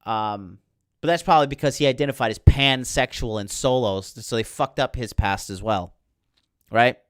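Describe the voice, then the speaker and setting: A male podcast host rants heatedly and sarcastically about a film, swearing throughout. His mid-range voice is a bit bright, clear and resonant, moving at normal speed, in clean studio sound with no room echo.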